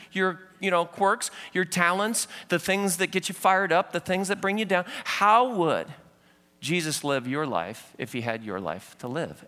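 A man from Southern California preaching a sermon, telling a story in an animated way. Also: sits high. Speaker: pastor. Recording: echoey hall.

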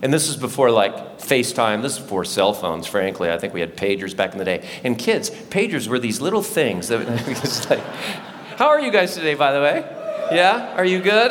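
A middle-aged man, a lead pastor, preaching a sermon to a live congregation in a church, conversational and often asking the listeners questions. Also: medium pitch. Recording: long hall reverb, faint background noise.

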